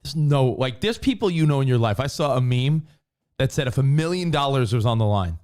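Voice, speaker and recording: A man co-hosting a talk show, chatting casually and acting out quotes in high voices. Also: brisk. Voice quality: animated storyteller, acts out quotes in high voices. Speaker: radio show co-host. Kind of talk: casual banter.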